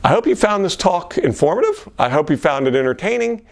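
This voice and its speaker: A man with a gravelly, fairly high voice gives an instructional talk to camera. His pitch moves a lot, rising and falling as he acts out sample questions in a gentler tone. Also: big pitch swings, a little fast. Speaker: systems engineering presenter.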